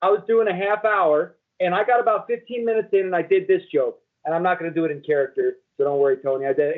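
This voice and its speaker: Casting: high-pitched man, crude animated storyteller, phone-line sound. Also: fast talker, hardly any pauses. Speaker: comedian podcast co-host. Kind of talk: casual podcast chat, storytelling.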